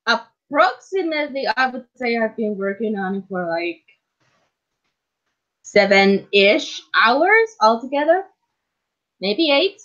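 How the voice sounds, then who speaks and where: A woman's voice: on the high side, sing-song, slow pace, pauses often, fairly bright tone. A woman chatting casually on a livestream while she draws, playful and teasing, laughing often. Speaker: streamer and animator. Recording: dull lo-fi stream audio.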